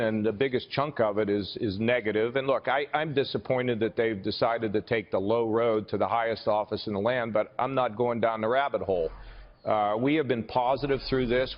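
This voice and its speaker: A man in his sixties from Ohio, a political candidate speaking upbeat and insistent in a remote TV interview, often saying the interviewer's name. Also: mid-range voice. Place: outdoors in snowy weather. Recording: dull lo-fi broadcast feed with long reverb.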